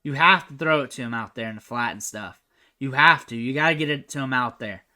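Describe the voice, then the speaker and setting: A young man giving casual, chatty commentary over football highlight film, thinking aloud and trailing off quietly at the ends of his sentences. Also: a little fast. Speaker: recruiting analyst host.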